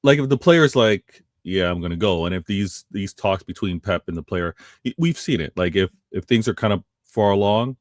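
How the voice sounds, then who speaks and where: Male co-host, low voice, dry close sound, rambling football talk. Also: lively intonation, normal speed, hardly any pauses, dry recording. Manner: rambling, restarts phrases, addresses chat. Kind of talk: casual football chat.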